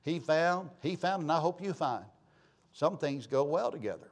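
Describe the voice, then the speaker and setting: A Southern preacher man delivers a homespun sermon, his fairly high voice rising into loud calls and dropping into quiet asides. His Southern accent colors every story he tells. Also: animated, normal speed. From Georgia, US. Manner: folksy storytelling, swinging between loud preaching and low asides. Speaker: pastor.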